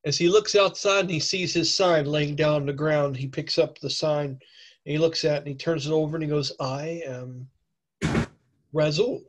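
A man's voice: a little high, fairly even intonation. Man running a casual tabletop game. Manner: casual, halting, with fillers. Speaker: game master.

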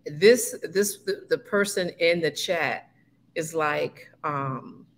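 A woman's voice: low-pitched, slow pace. A woman hosting a live-streamed interview, chatty and loose, reading questions from the chat. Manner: chatty, many fillers and restarts, reads from the chat. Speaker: host.

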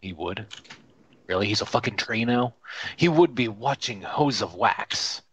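A man's voice: lowish voice, expressive, unhurried, a bit bright, breathy edge, no room sound. Swearing man reading a fanfic aloud. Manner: exasperated, stumbling over words, swearing. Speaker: reader. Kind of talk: comedic dramatic reading of a fanfic.

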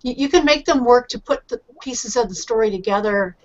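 A woman's voice: fairly high pitch, fairly quick. Female editor on a panel, conversational and explanatory; slightly dull recording. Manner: explanatory, chatty, with fillers. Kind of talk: casual panel discussion. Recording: muffled lo-fi recording.

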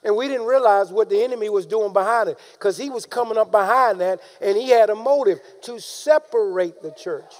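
A man preaching a sermon, calling out to the congregation and rising into shouted emphasis. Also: high voice, fairly quick, hardly any pauses. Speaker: pastor.

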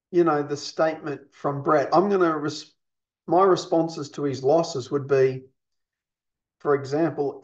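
On lo-fi audio, a counselling instructor with a somewhat high, darkish voice explains his lesson. He frequently checks that his listeners are following with questions like "okay?" and "you see?".

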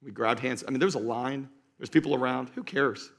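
A man preaching a sermon to a live congregation as pastor, driving points home by repeating them and moving between loud urging and slow, quiet emphasis. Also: medium pitch. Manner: emphatic, repeats key lines for stress. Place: church stage before a live congregation.

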